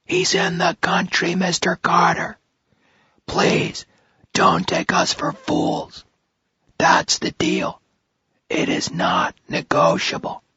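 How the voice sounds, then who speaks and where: A narrator voicing a menacing male kidnapper with a distorted, whispery mechanical voice, talking slowly and coldly over a speakerphone. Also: very high voice, very animated, bright, forceful tone, no echo, muffled recording, voice pushed up, exaggerated voice. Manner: slow, cold, threatening.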